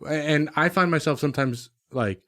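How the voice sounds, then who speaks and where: A man's voice: a little high, normal speed, bright, forceful tone. A man co-hosting a podcast, cracking dry jokes in casual chat. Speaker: podcast co-host.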